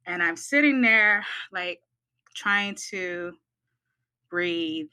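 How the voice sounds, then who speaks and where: A woman's voice: fairly low pitch, very slow, clear, resonant tone, poor audio. A midwifery student, a woman from the United States, telling a personal story in a podcast and acting out the voices of the people in it. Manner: animated, acts out quoted voices.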